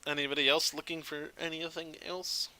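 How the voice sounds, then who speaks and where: Bright-voiced man narrating as game master. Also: a little high, little pitch movement, fairly quick, smooth, rough recording. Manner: loose, rambling narration with fillers.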